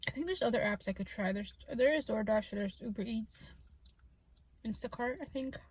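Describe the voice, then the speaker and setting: A woman's voice: fairly high pitch, normal speed, a little mellow, husky, no echo. A woman vlogger chatting casually while eating in a parked car, humming between bites. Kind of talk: casual eating-show chat.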